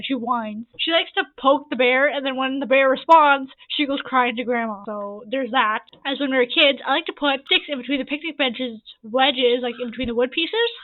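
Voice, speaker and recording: A woman in her early twenties telling rambling sibling stories over gameplay, repeating herself and adding quick asides. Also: sits high. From Canada. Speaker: gaming YouTuber. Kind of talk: casual storytime over gameplay. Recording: tinny phone-like audio.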